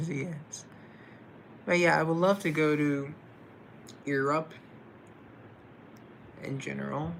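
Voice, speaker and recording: Slow, gravelly man chatting. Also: on the high side, fairly even intonation, fairly bright tone, slight background noise. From United States. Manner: playful, joking, talks to himself. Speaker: livestream host. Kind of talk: casual livestream chat reading comments.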